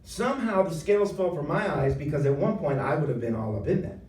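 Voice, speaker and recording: A former pastor giving a conversational, emphatic talk at a live event, acting out voices with humor. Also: male voice, on the high side, very animated, fast talker, darkish tone. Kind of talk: preaching talk. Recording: roomy hall sound, mic at a distance.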